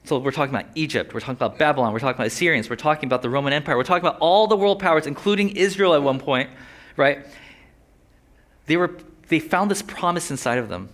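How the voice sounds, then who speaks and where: Lisping preacher, bright and casual. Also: male voice, on the high side, fast talker. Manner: conversational, joking asides, voices inner thoughts. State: slight lisp from a sore tongue. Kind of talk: sermon.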